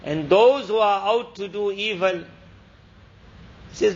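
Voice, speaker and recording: High-voiced male preacher telling a story. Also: slow, long pauses, a little hiss or hum. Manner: earnest, repetitive, preachy. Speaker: Islamic lecturer. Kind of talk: storytelling sermon. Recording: dull lo-fi lecture recording.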